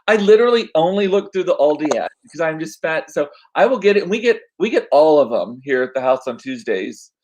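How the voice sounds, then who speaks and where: A man hosting a casual chat, rambling with lots of fillers, a bit hoarse as he loses his voice. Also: a little high, big pitch swings, brisk, few pauses, darkish tone, low-quality recording. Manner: chatty, rambling with frequent fillers. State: losing his voice, coughing. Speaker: podcast host.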